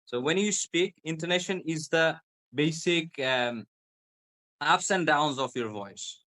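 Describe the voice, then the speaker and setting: Man slowly demonstrating word stress. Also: fairly high pitch, sharp tone. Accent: British. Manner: repeats example words slowly to demonstrate stress. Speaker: guest English pronunciation speaker. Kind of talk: explanatory conversation.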